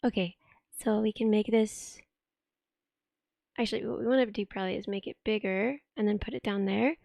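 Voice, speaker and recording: A young woman with a sick voice, chatting on a live stream, thinking aloud as she tinkers and thanking viewers with excitement. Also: medium pitch, normal speed, gravelly, no room sound, clean studio sound. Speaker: livestreamer. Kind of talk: casual live stream chat. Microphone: desk streaming microphone.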